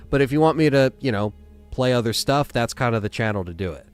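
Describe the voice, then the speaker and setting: A man's voice: medium pitch, expressive, quick pace, clear, resonant tone, faint music behind. A tired man casually chatting to viewers during a live stream, rambling with many fillers and restarts. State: tired, yawning.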